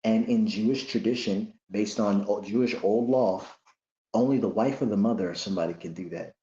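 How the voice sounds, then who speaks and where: Animated man in a lo-fi echoey room. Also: fairly low pitch, brisk. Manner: animated, rough casual slang, repeats himself. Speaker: religious commentator. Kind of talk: casual monologue.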